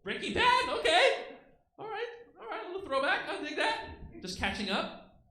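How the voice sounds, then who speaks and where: A man's voice: very high-pitched, huge pitch swings, normal speed, bright, forceful tone, roomy sound, rough recording. A man hosting a stand-up comedy show, telling a loose, conversational set and teasing the crowd on a theater stage.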